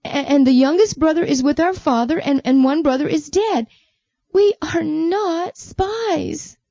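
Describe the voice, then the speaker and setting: A woman's voice: high-pitched, a little slow, warm tone, no room sound, muffled recording, voice pushed up. A woman doing stammering frightened brothers. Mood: pleading, frightened. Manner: stammering, pleading. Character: frightened grown brothers pleading together.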